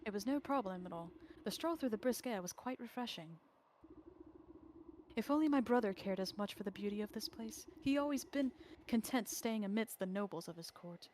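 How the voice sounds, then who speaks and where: A woman voicing a gentle, gentlemanly male buck in a game, with a polite, formal manner. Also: mid-range voice, animated, moderate pace, slight background noise, lightly acted. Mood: courteous.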